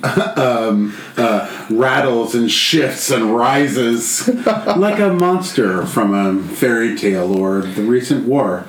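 A man narrating as game master of a tabletop game, slowly building vivid descriptions. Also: mid-range voice, big pitch swings. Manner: slow, laughing, descriptive. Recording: echoey room with background noise.

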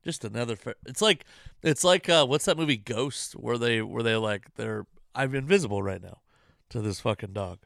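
A man's voice: mid-range voice, moderate pace, gravelly, fairly bright tone, no room sound, studio quality. A comedian hosting his own podcast, ranting casually in an exasperated, profane, rambling way about his bad week at home. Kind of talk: casual self-deprecating monologue.

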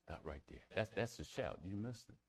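A man preaching a sermon as pastor, reading scripture aloud and swinging between loud declarations and hushed near-whispers, often repeating words for emphasis. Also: lowish voice, animated, moderate pace, creaky. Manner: reads scripture aloud in King James wording.

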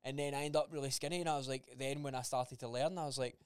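A young male podcast co-host talks fast in a clear, resonant mid-range voice with fairly even intonation. He's blunt, swears freely, and acts out remembered conversations in this casual chat, recorded with clean studio sound and no room echo.

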